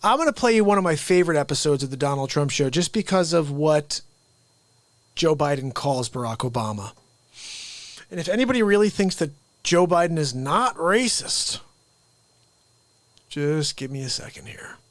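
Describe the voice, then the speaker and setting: An energetic man hosting a live comedy stream, ranting and cracking jokes between bits. His voice sits fairly high, and the close microphone makes it sound dry and upfront. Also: moderate pace, pauses often, no room sound. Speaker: livestream host. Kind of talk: live comedy talk show.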